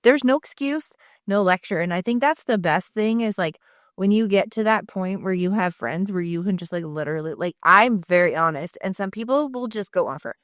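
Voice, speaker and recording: A woman's voice: mid-range voice, fairly quick, dry recording, clean studio sound. A woman in her thirties co-hosting a podcast in casual chat, telling stories and acting out what friends said. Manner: chatty storyteller, acts out friends' quotes, lots of "like". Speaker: podcast co-host.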